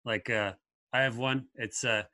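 A man's voice: mid-range voice, fairly even intonation, a little slow, bright, forceful tone. A man co-hosting a podcast in casual chat, bantering playfully. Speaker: podcast co-host.

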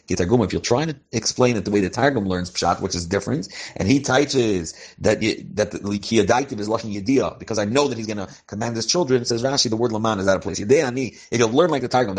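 A man's voice: lowish voice, husky. A man teaching a religious text line by line, each phrase with a pronunciation and then translating and explaining it. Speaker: Torah teacher. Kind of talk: line-by-line text study, mixing Hebrew and English.

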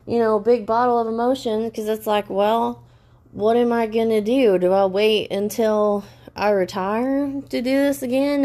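A woman rants to her viewers in a stressed, halting way, restarting her sentences again and again. Her voice is gravelly with a lot of fry. Her pitch stays flat and level throughout. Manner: upset, halting, many restarts. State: stressed and upset. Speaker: vlogger. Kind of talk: personal rant to camera.

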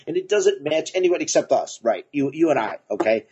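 A man co-hosting a casual comics podcast, excitable and profane, laughing often. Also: a little high, quick pace, few pauses, breathy edge. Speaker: podcast co-host, comic shop owner. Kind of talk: casual chat about comics.

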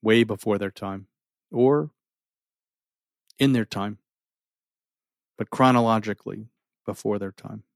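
A middle-aged man telling a personal story with earnest feeling, often sinking his voice low and holding back tears. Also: slow pace, creaky, long pauses, dry recording, studio quality. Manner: earnest, emotional, often drops to near a whisper. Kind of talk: personal story told to an audience.

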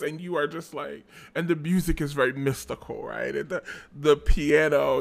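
A man hosting a podcast with a gravelly, creaky voice. He talks slowly and chattily, tossing in playful asides. He sounds tired and keeps yawning. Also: on the high side, a bit bright. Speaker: podcast host. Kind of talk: casual chat.

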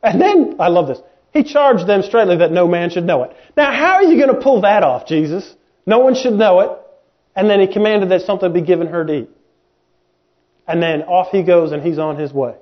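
A man preaching a sermon in a folksy, animated way, slipping into little voices of doubters and skeptics. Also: sits high, a little fast, lo-fi sound.

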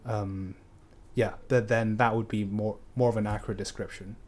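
A man with a fairly low voice talks about a book in a relaxed, casual way. He hesitates often, circling back and filling pauses as he works out his thoughts. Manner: hesitant, rambling with many fillers. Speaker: book discussion participant. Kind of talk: casual discussion.

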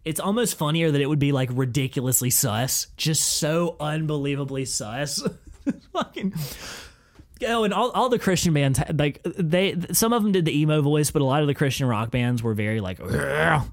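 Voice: medium pitch, animated, normal speed. A podcast host in casual chat, rambling, swearing freely and laughing often.

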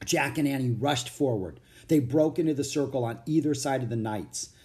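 A man reading a children's book aloud as audiobook narrator, with an expressive, animated storytelling manner. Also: mid-range voice, moderate pace.

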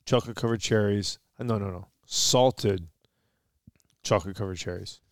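Smooth low-voiced man, dry close mic. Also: normal speed, dry recording. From Michigan. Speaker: podcast co-host. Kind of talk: casual chat.

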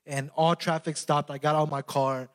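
A man's voice: fairly high pitch, level tone, moderate pace. A young man telling a personal faith testimony in an earnest, emotional way, with many fillers and restarts.

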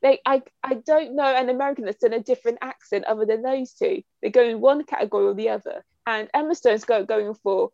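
A woman's voice: a little high, a little fast, vocal fry, hardly any pauses, darkish tone, dry recording. A British woman co-hosting a podcast, chatting casually and repeating words as she thinks. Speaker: podcast co-host. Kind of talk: casual chat. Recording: dull lo-fi sound.

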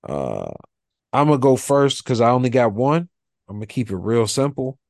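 A man co-hosting a podcast, talking in a relaxed, rambling way with lots of fillers. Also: medium pitch, moderate pace, no echo, studio quality. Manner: laid-back, rambling, filler-heavy talk. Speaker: podcast co-host. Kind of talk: casual chat.

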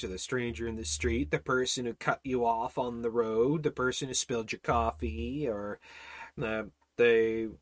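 A man's voice: medium pitch, a bit bright, no echo. A man teaching an informal Bible study, exhorting his listeners with rhetorical questions, repeated phrases and frequent restarts. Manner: many restarts and repeated words.

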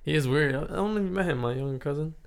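A man in casual podcast chat, laid-back and often laughing as he tells drawn-out stories. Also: on the high side, gravelly, smooth.

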